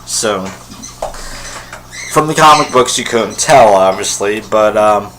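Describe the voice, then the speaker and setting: A man's voice: fairly low pitch, takes it slowly, pushed and bright, a little hiss or hum, poor audio. A man talking casually to camera in his own vlog, rambling enthusiastically about something he is a fan of, with lots of fillers and restarts. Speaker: vlogger. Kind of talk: casual solo vlog commentary.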